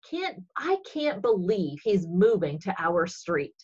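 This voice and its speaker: A woman voicing a rude older boy in a storybook reading, grumbling and scornful, with a husky voice. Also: lowish voice, big pitch swings, takes it slowly, darkish tone, lo-fi sound, heavily acted. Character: rude older boy, a little-league pitcher.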